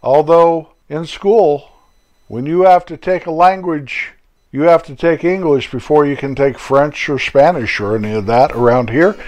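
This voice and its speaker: A man doing a calm, sensible old country man. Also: on the high side, a little slow, natural voice. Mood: patient. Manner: calm, gently correcting.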